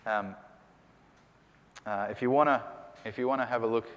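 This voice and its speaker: A man's voice: medium pitch, fairly even intonation, normal speed, a bit bright, muffled recording. A man teaching a Greek grammar class, lecturing and often checking in with his students. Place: lecture hall. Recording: long hall reverb.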